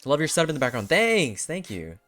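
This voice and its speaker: A man streaming a game, reacting in an excitable, chatty way and greeting and thanking his chat. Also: on the high side, a little fast, soft background music. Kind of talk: casual live-stream reaction.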